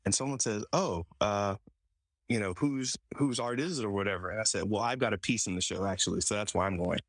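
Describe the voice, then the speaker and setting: A man hosting a podcast, telling a personal story in a relaxed conversational way, often restarting and quoting himself. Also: lowish voice, fairly quick, no echo. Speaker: podcast host. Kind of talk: casual conversation.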